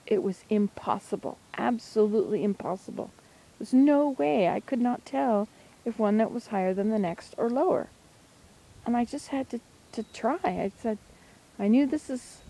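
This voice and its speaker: A woman's voice: on the high side, mellow, rough recording. A woman vlogging outdoors by a marsh, chatting in a rambling, thinking-aloud way. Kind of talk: casual outdoor vlog chat.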